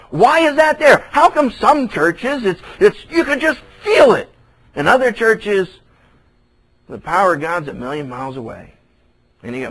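A man with a high voice delivers a sermon as a pastor. He preaches with animation and hammers home his points through repetition. He slips into the voices of the people he describes. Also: very animated, normal speed, fairly bright tone, poor audio. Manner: repeats phrases for emphasis.

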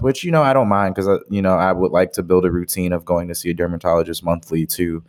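Young male podcast co-host, very low voice, casual rambling delivery. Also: steady tone, quick pace, hardly any pauses. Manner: rambling, heavy use of "like". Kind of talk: casual chat.

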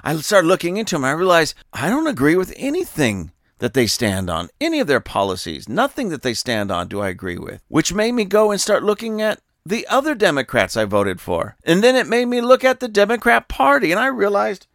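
A man's voice: high-pitched, big pitch swings, brisk, few pauses, fairly bright tone, no room sound, clean studio sound. A man hosting a political commentary podcast who preaches emphatically and tells stories to drive his points home. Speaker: podcast host.

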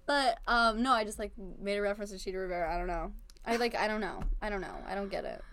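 A woman's voice: medium pitch, animated, fast talker, a bit bright, a little hiss or hum. A young woman from Virginia co-hosting a podcast, telling long rambling stories in casual chat and acting out other people's voices. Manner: rambling storyteller, acts out voices. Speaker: podcast co-host.

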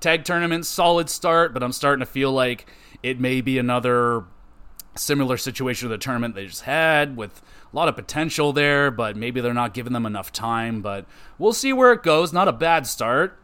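A man hosting a podcast, giving an offhand, conversational recap of a wrestling show with quick verdicts. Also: mid-range voice, animated, pushed and bright, smooth. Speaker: podcast host.

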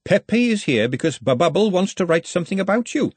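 A man's voice: high voice, very animated, fairly quick, breathy edge, no room sound, pitched above the performer's own voice, exaggerated voice. A man reading aloud, voicing a no-nonsense woman cook who snaps and gives firm motherly advice. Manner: snappish, bossy, motherly.

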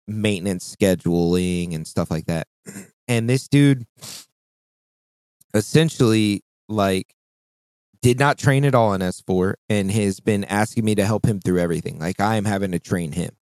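Low-voiced man venting on a podcast. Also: a little mellow, dry recording. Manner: profane, rambling storyteller venting about work. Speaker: podcast co-host. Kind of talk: casual podcast chat.

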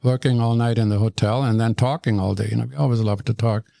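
Animated older man. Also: mid-range voice, fast, vocal fry, no echo, studio quality. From Germany. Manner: animated storyteller, stumbles and repeats words. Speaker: guest. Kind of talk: storytelling in conversation.

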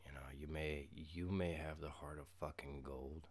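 A man with a deep, low voice talks straight to the listener in a profane, sarcastic rant. He swings between quiet musing and loud, heated emphasis. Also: fairly even intonation, normal speed. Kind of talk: casual monologue venting.

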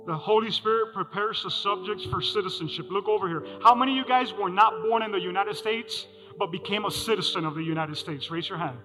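A man's voice: high voice, fairly quick, few pauses, bright, forceful tone. A man preaching a sermon as pastor to a congregation, asking them questions and repeating his key lines. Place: church hall. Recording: music under a hall reverb.

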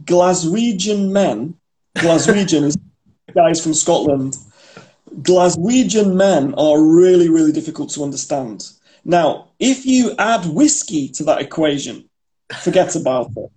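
A man talks casually on a podcast, telling stories and explaining words along the way. His voice sits a little high for a man, with a mellow, unhurried tone. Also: animated. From England (Manchester). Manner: chatty, storytelling, explains idioms. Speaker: podcast co-host. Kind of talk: casual chat.

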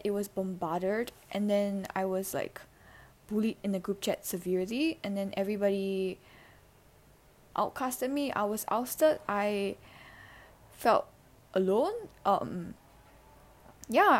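Teen girl, podcast host. Mid-range voice, halting and emotional confessional delivery with lots of fillers. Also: medium pitch. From Singapore. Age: teens. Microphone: handheld mic.

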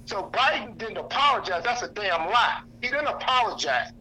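A man speaking in a fiery, preacherly way to a lunch crowd, his voice pitched high and cutting with a very sharp, bright edge. He talks bluntly, hammers points home by repeating them, and cites scripture chapter and verse. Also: expressive, normal speed, slight background noise, low-quality recording. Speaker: activist speaker. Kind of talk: impassioned speech to a lunch audience. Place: indoor lunch gathering.

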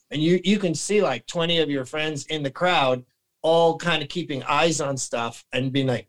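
Guy on a podcast, kinda high voice, rambles a lot, keeps restarting and clearing his throat. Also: normal speed, low-quality recording. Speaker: podcast guest. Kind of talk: casual podcast chat.

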